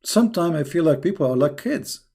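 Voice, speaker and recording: A man's voice: fairly high pitch, animated, fairly quick, vocal fry, dark tone, slightly rough. A man hosting a live question-and-answer stream, speaking emphatically and scolding, often repeating words as he restarts. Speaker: online show host answering viewer questions.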